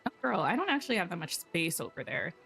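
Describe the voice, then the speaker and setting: A woman's voice: on the low side, sing-song, quick pace, gravelly, sharp tone, faint music behind. A woman chatting casually while livestreaming a game, thinking aloud and tossing in playful asides to her viewers. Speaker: game streamer.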